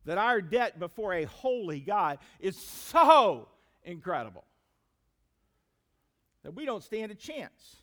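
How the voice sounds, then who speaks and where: Animated, high-pitched preaching man. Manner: preaching with emphatic rises and drops, addressing the congregation as friends. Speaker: pastor. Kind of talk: sermon.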